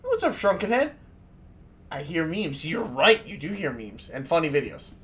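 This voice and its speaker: High, lively excitable streamer guy. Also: normal speed. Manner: excitable, swears, laughs a lot. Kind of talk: casual stream reaction chat.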